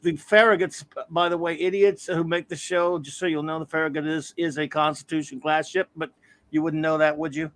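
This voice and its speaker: High-voiced man ranting sarcastically. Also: level tone, fairly quick, fairly bright tone. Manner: angry, sarcastic, profane, exasperated. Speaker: podcast co-host. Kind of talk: casual ranting chat.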